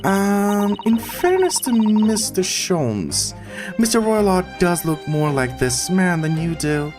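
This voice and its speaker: A woman's voice: on the low side, very animated, slow pace, a little mellow. A woman playing a polite, hesitant young assistant. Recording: game music behind voice.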